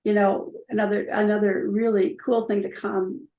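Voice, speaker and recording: A woman's voice: medium pitch, flat delivery, moderate pace, lo-fi sound. A woman hosting a casual interview podcast, chiming in with encouraging agreement. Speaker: podcast host. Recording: roomy echo.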